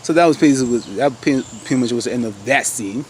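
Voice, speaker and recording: A man casually recapping a TV episode, animated, exclaiming and laughing as he retells the scenes. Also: mid-range voice, fast talker, a little hiss or hum. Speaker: TV episode reviewer.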